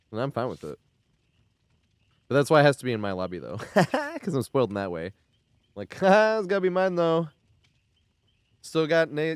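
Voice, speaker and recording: Male streamer, 30s, casual and rambling, quick to laugh, swears freely, home desk mic. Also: mid-range voice, no room sound. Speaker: live game streamer. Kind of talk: casual live-stream chat.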